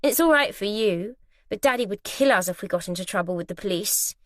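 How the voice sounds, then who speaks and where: A prim, eager teenage girl from a privileged family, as a woman narrator voices her. Her lines sit higher and a bit louder than the narration, close and dry. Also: lively intonation, brisk, no echo, natural voice. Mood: worried. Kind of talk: audiobook character voice.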